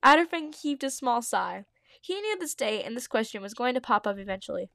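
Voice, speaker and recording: A woman's voice: fairly high pitch, lively intonation, a little fast, vocal fry, fairly bright tone, no echo, studio quality. A young woman reading her old fan story aloud with giggly, self-mocking asides. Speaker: podcast host reading her own old writing.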